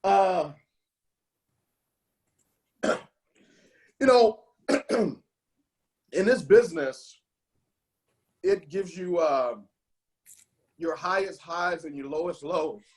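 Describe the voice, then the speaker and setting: A man's voice: on the high side, takes it slowly, pauses often. A man leading a team video call, rambling with many fillers and restarts, and turning fervent and emotional. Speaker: team leader hosting a call. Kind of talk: motivational call talk.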